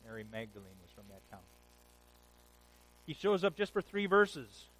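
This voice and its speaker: A man preaching a sermon, retelling scripture stories in a lively, casual modern way. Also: on the high side, normal speed, a little hiss or hum, rough recording. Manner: animated storytelling, paraphrasing scripture in casual modern speech.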